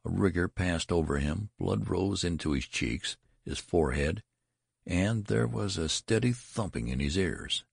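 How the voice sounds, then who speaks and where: Audiobook narrator, male, very low and gravelly, dry booth sound. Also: lively intonation, a little slow, no echo. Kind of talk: storybook narration.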